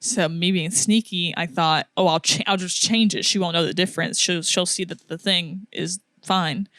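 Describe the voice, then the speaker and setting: A woman's voice: lowish voice, moderate pace, dry recording. Young woman telling a story, dry close mic. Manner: animated storyteller, acts out quotes, laughs often. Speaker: podcast co-host. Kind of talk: casual storytelling chat.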